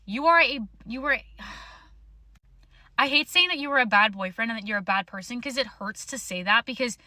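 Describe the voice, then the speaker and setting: A woman's voice: on the high side, normal speed, bright, forceful tone, no echo. A young woman telling a storytime to her phone camera in an angry rant, swearing bluntly. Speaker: social media storyteller.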